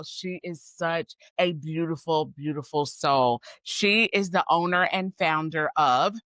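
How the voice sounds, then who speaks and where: A woman hosting a podcast who gushes warmly and calls out to her listeners as "y'all" and "squad", sounding excited and emotional. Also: low-pitched, dry recording. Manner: effusive and gushing, talks straight to listeners as "y'all" and "squad". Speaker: podcast host and coach. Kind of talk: upbeat podcast chat.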